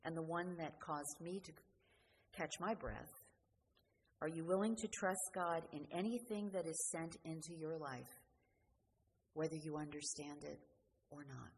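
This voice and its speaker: Woman preacher, sermon, earnest, slightly low voice, long church reverb, faint hiss. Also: unhurried, long pauses. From New Jersey. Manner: earnest, questioning, dropping to quiet endings.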